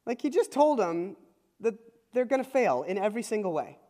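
A man with a high voice preaches in a loose, conversational way, checking in with his listeners and chuckling as he explains. A long reverb trails off his words in a large hall. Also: sing-song, fairly quick, dark tone. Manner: informal, checks in with "okay?" asides. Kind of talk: conversational sermon.

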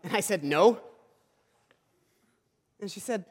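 Man, pastor, high voice, rambling self-deprecating sermon story, reverb from a big hall. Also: fairly quick.

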